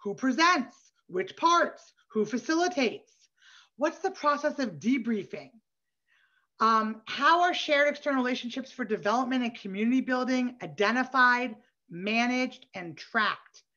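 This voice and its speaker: A woman's voice: fairly high pitch, expressive, unhurried, pushed and bright, muffled recording. Conversational woman leading an online workshop. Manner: conversational, encouraging, frequent "right?" and "you know". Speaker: workshop facilitator.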